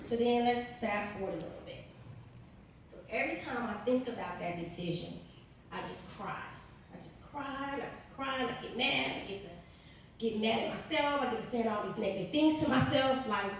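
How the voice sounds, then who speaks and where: A woman's voice: a little high, normal speed, a little hiss or hum. A woman author telling a personal story in an interview, earnest and emphatic, repeating herself in an informal way. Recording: very echoey room, distant mic.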